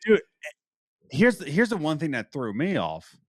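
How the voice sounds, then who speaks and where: A male podcast co-host talks through a game with an animated, lively voice that swoops up and down. He swears freely and bursts into loud exclamations. His pitch sits a little high, and the sound is dry and close. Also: moderate pace, slightly rough, dry recording. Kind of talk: casual game review chat.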